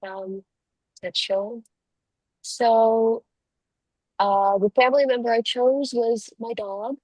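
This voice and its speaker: A woman's voice: a little high, steady tone, slow pace, darkish tone, dry recording, low-quality recording. A woman on a video call telling a casual story about her dog in a wry, offhand way. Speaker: workshop participant.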